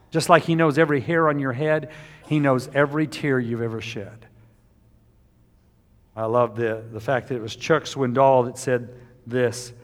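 A middle-aged man preaching a sermon as pastor, emphatic, moving between loud passion and quiet tenderness. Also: medium pitch. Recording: long hall reverb from a church sanctuary.

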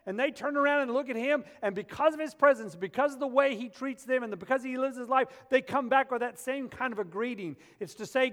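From the pulpit, a pastor with a high-pitched voice tells funny, animated stories that build toward his teaching, speaking a little fast with few pauses. The long reverb of a large hall rings around him.

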